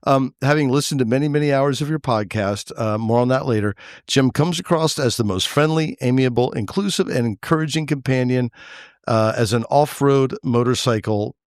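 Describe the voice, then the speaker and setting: A man's voice: medium pitch, moderate pace, no room sound, clean studio sound. A man hosting a motorcycle podcast, reading listener letters aloud with joking asides in casual chat.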